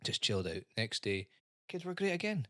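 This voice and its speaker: A man's voice: mid-range voice, sing-song, moderate pace, bright, forceful tone, no room sound, studio quality. Chatty Scottish man telling a story. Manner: storytelling, swears, acts out kids' voices. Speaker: podcast co-host. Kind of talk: casual chat.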